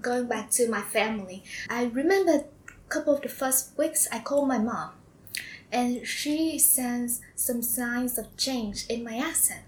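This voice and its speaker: A young woman with a Vietnamese accent telling stories as a guest, laughing often and pausing on ums. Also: on the high side. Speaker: guest, former foreign student. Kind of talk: casual storytelling interview. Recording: echoey room with faint ambience.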